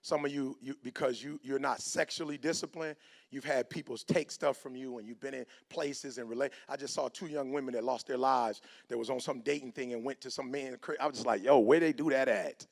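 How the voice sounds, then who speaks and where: Speaking fairly quickly in a mid-range, vocal-fried voice, this middle-aged man gives a motivational talk in a preacher's style. He animatedly plays every character in his stories, voicing both sides in quotes.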